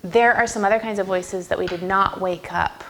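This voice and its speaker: A woman's voice: mid-range voice, fairly even intonation, moderate pace, fairly bright tone, slight background noise. A woman music teacher leading young children in a classroom with encouraging, sing-song call-and-response prompts. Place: school classroom.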